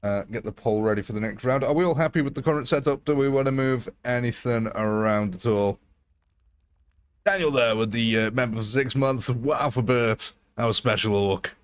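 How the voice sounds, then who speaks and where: A man's voice: mid-range voice, normal speed, clear, resonant tone. A man hosting a live game stream in a casual, chatty, jokey way, laughing often.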